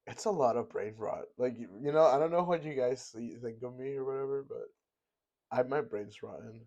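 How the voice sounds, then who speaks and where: A hoarse male streamer whose voice is nearly gone, chatting loosely, reading chat aloud and laughing as he reacts to clips. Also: medium pitch, normal speed, darkish tone, highs cut off. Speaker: streamer host.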